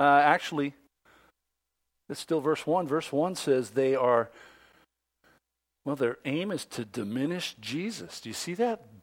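A man preaching a sermon, acting out the voices he quotes and swinging between loud outbursts and hushed asides. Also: on the high side. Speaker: pastor.

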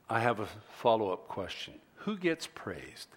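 A man's voice: on the low side, huge pitch swings, unhurried. A pastor preaching a sermon in a conversational way, often restarting his sentences and acting out what his listeners might think.

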